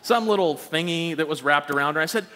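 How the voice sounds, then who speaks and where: A man preaching a storytelling sermon, animated and self-deprecating, acting out the voices in his stories. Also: a little high, quick pace. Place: church sanctuary. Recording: long church reverb.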